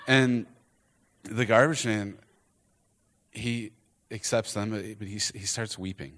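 A man with a fairly low voice preaches from the front, telling a story. He acts out each character's lines with animated energy, his pitch jumping up for the quoted exchanges. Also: measured pace. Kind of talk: storytelling sermon.

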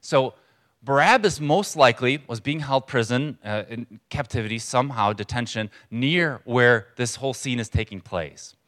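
A man preaching a sermon in a church to a congregation, in a conversational, earnest way with pauses for emphasis. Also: mid-range voice, a bit bright. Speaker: pastor.

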